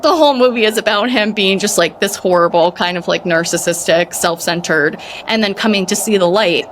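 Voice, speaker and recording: A woman in her thirties hosting a podcast, telling stories in a lively, chatty way. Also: mid-range voice, fairly quick, a little hiss or hum. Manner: animated storyteller, lively and chatty. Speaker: podcast host. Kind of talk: casual chat.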